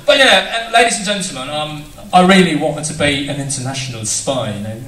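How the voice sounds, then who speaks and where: A man's voice: a little high, animated, brisk. A man with a Filipino accent doing stand-up comedy on a theatre stage, jokey and slipping into mock accents. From Philippines. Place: theatre stage before a live audience. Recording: distant echoey theatre recording with loud crowd.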